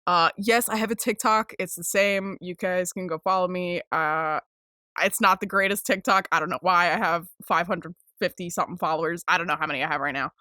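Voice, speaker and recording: A woman in her twenties hosting a casual solo podcast, chatting excitably with lots of swearing, laughter and filler words. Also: fairly low pitch, brisk, no echo, studio quality. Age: 20s. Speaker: podcast host.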